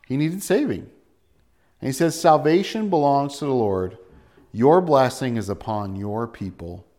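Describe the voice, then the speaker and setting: A man preaching a sermon in a casual, joking way, acting out quotes and dropping to a soft, low voice on key points. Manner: conversational preaching with jokes and acted-out quotes. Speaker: pastor.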